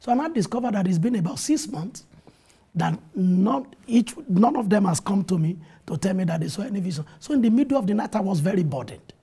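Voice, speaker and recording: Earnest preaching man, dark rough voice. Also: high voice, fairly quick. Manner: earnest preacher quoting scripture, animated retelling. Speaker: pastor. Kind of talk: testimony in a TV interview. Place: TV studio.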